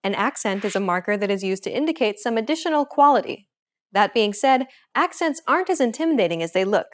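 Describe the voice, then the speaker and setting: A woman hosting a language course, explaining points in clear, friendly scripted narration. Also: on the high side, lively intonation, quick pace.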